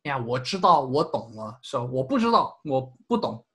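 A man hosting a casual language lesson, explaining in a relaxed, chatty way with lots of fillers. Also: medium pitch, normal speed. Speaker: language teacher. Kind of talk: casual teaching chat.

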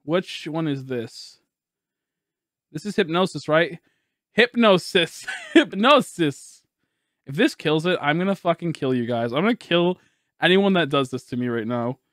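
A young man streaming a video game live, loud and exasperated, laughing and swearing as he talks to his chat. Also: on the high side, normal speed, no room sound, clean studio sound.

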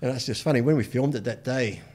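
Man, fifties, rapid casual storytelling, swears freely, acts out quotes. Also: medium pitch, darkish tone. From Australia. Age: 50s. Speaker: guest.

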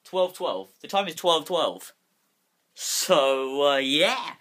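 A restless young man rambling casually into a handheld phone at home. His voice is bright and a little high, and it leaps around in pitch as he swears and wanders from thought to thought. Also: very animated, slow pace. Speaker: vlogger. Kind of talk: casual vlog. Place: bedroom at home. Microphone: phone held in hand.

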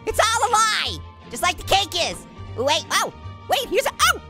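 Faint music runs behind an exaggerated, sing-song performance at normal speed, bright and forceful with vocal fry. A let's play host voices a squeaky, pitched-up male cartoon orange, giggly and hyper, wisecracking and punning through comedic gameplay.

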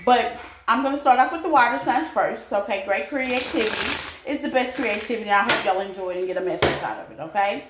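A woman's voice: fairly high pitch, fast. A woman giving a casual, chatty tarot reading to her viewers, laughing often and calling them babies. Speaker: tarot reader. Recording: echoey room with faint noise.

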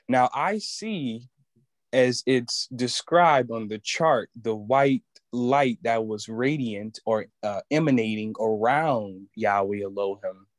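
A man sharing a personal religious testimony in an earnest, halting way, often restarting as he looks for words. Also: mid-range voice, no echo. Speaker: student giving testimony.

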